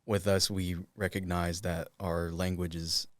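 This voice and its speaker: A young man from the Cherokee Nation with a deep, low voice talks loosely as a guest in a casual interview, filling his sentences with "like"s and small restarts. The sound is close and dry, with no room around it. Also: level tone, a little slow, no echo. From Cherokee Nation, Oklahoma. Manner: loose, filler-heavy talk, many "like"s. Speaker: voice actor guest.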